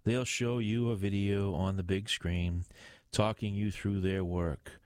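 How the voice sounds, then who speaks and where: A man's voice: fairly low pitch, fairly even intonation, a little slow, a little mellow, smooth, no echo, studio quality, close to an everyday voice. A man voicing a stern, know-it-all man in a Santa suit who lectures others. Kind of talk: audiobook character voice.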